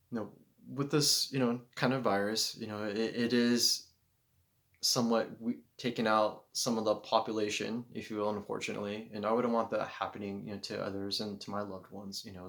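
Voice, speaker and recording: A man self-films a casual spiritual monologue on a handheld camera mic, earnest and meandering, with many "you know"s. His voice is lowish, creaky and a bit bright.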